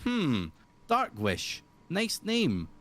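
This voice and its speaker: A man's voice: on the high side, wildly swooping pitch, drawn-out words, a bit bright, a little hiss or hum, voice pushed up, exaggerated voice. A man voicing a cocky young male street tomcat with a put-on New York accent, brash and teasing. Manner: brash, teasing, self-assured.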